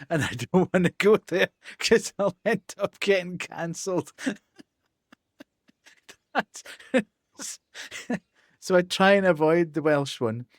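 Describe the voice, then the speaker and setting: A man's voice: sits high, expressive, takes it slowly, long pauses, no echo, clean studio sound. A Scottish man chatting casually as a live streamer, laughing often and self-deprecating.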